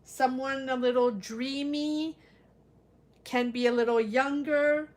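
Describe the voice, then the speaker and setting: A woman's voice: high voice, steady tone, takes it slowly, a little mellow. A middle-aged woman giving a live-stream tarot reading, musing aloud and talking to viewers by name. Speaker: tarot reader.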